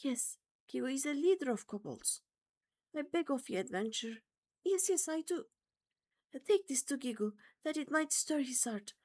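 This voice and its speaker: A woman's voice: high-pitched, animated, normal speed, darkish tone. A woman doing a timid, fretful little kobold girl. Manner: repeats herself in lists of synonyms.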